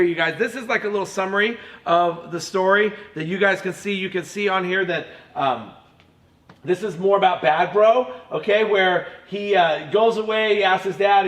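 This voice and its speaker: A man teaching a children's Bible lesson in an animated way, often calling the kids "you guys". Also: sits high.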